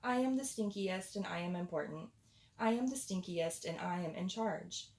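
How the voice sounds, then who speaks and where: A woman voicing a pompous, bossy male stink bug in a storybook reading, loud and stern. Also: on the low side, lively intonation, normal speed, echoey room.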